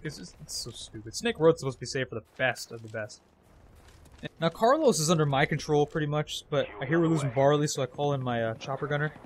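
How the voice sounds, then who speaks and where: A man's voice: a little high, slight background noise. A man giving casual, jokey, rambling commentary over his own gameplay. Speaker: gaming commentator.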